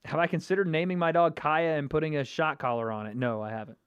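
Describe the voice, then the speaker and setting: Man streaming a watch party, talkative, smooth clear voice, dry close sound. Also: fairly high pitch, fairly even intonation, fast talker, no room sound, dull audio. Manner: chatty, reacts to viewer chat. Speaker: livestream host. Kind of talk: casual watch-party commentary.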